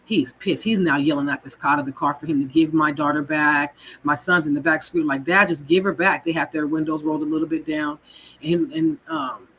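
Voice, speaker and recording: A guest from California tells her personal story in a raw, emotional, frank way, with swearing and repeated words. Her voice is low-pitched, steady, fairly quick and a bit bright. Audio is poor, with slight background noise.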